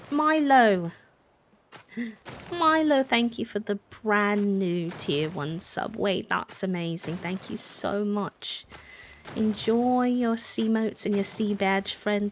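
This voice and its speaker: A young woman streams a life-sim game, chatting in a bubbly, casual way and thanking her viewers, sometimes dropping to a soft whisper. Her voice is mid-range, with slight background noise.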